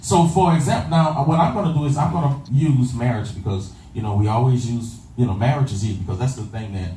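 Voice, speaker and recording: This preacher speaks quickly in a mid-range, dark-toned voice, with slight background noise underneath. He repeats phrases, calls out to the congregation, and asks "you understand that?" to make sure they are following. It was captured from far off in an echoey room with faint ambience.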